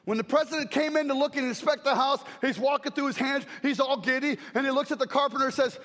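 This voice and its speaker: High pitched guy preaching, emphatic, shouts stuff, big echoey hall sound. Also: fast. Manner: animated, emphatic, shouts key phrases. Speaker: traveling preacher. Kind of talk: sermon.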